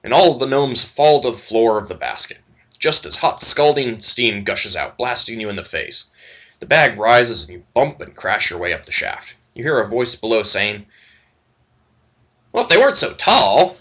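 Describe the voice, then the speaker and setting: A man narrates a retro computer game, reading its text aloud and breaking off for wry, joking asides. His voice is husky yet very bright, and his pitch swings up and down in a lively way. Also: moderate pace. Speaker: let's play host.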